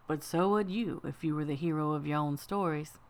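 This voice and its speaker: A woman voicing a well-spoken male trickster rabbit with a smooth, unhurried Southern accent in an audiobook. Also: deep voice. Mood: silky, persuasive. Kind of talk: audiobook character voice.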